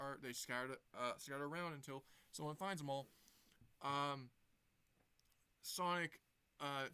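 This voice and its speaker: A man's voice: mid-range voice, sharp tone, smooth, dry recording. A young man casually retelling a movie plot for his review, rambling with lots of restarts. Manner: rambling, many fillers and restarts.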